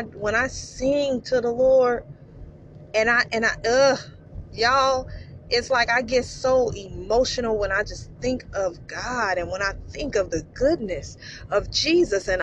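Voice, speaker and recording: A woman hosting a faith podcast, speaking emotionally and repetitively, often calling out to her listeners. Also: a little high. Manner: effusive, repeats herself, calls out to listeners. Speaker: podcast host. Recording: slightly dull podcast audio, faint room noise.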